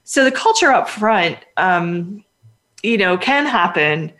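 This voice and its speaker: A woman's voice: mid-range voice, very animated, takes it slowly, fairly bright tone. A woman veterinarian in a casual podcast chat, talking at length and with emphasis while giving advice to pet owners.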